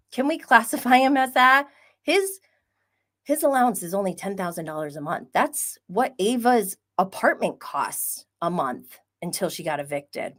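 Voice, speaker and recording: A young woman hosting a livestream, chatting casually and gossiping about reality TV, acting out what people said and swearing freely. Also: medium pitch. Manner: gossipy, animated, swears freely, acts out quotes. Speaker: livestream host recapping reality TV.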